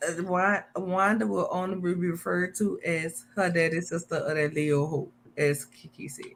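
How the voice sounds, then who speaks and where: A woman's voice: lowish voice, steady tone, moderate pace, gravelly, slight background noise, rough recording. A woman hosting a casual interview, playful and teasing in her asides. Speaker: interview host.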